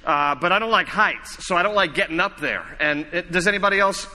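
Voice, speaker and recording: A man's voice: high voice, animated, brisk, bright, forceful tone. A male pastor preaching a sermon in a church, conversational and repetitive, mixing humor and personal stories. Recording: reverberant church hall.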